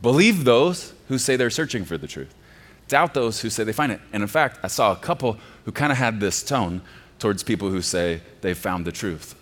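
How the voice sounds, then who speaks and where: A male pastor delivering a sermon, swinging from quiet, low passages to loud, emphatic ones. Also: animated, moderate pace. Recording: long reverb of a large hall.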